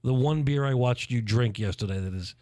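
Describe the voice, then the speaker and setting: A man's voice: mid-range voice, a little mellow, no room sound. A man hosting a playful talk show, cracking jokes and theatrical asides. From Philadelphia. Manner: joking, theatrical, quick asides. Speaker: host. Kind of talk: playful morning show banter.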